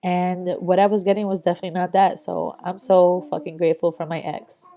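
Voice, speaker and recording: A woman's voice: lowish voice, little pitch movement, fairly quick, creaky, warm tone. A young adult woman vlogger giving a candid, reflective voice-over, casual and swearing freely.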